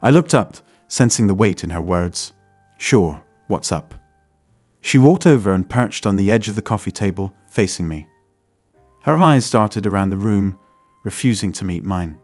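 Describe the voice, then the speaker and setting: A man narrating a first-person story in a steady, dramatic storytelling manner. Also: fairly low pitch, moderate pace, no room sound, faint music behind.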